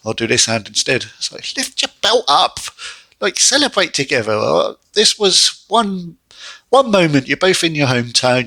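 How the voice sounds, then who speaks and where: A young man giving a casual solo wrestling review, chatty and animated with exasperated asides. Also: mid-range voice, creaky, dry recording.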